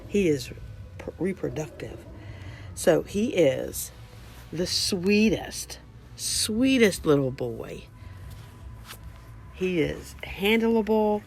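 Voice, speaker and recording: A woman, her voice sitting a little low, walks her viewers through her farm's rabbit hutches outdoors. She talks in an unhurried, drawn-out way, chatty and homespun, and softens into a coo when she speaks to the animals. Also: vocal fry, a little hiss or hum. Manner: chatty, cooing softly at animals. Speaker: homesteader showing new rabbits. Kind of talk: casual vlog walk-through.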